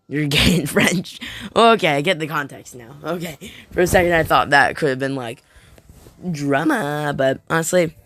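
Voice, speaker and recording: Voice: medium pitch, fairly bright tone, slight background noise. A streamer chatting casually and jokingly with viewers while playing a game, rambling from one topic to the next. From United States. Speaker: live streamer. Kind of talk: casual live-stream chat while gaming. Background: game music.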